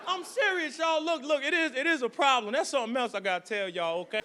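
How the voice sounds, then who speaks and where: A man doing stand-up comedy, telling a story in an animated, profane way. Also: extremely high pitch, quick pace, hardly any pauses, some chatter behind.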